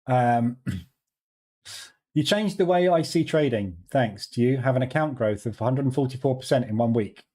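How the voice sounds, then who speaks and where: A man's voice: mid-range voice, animated, measured pace, a little mellow. A man hosting a live trading stream, chatting casually with viewers, greeting them by name and laughing easily, on a studio microphone.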